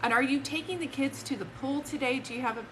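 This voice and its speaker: This woman's voice sits high and moves fast over background noise. She's a psychic medium live streaming into a phone, talking emotionally and in fragments to a spirit no one can see and to a viewer.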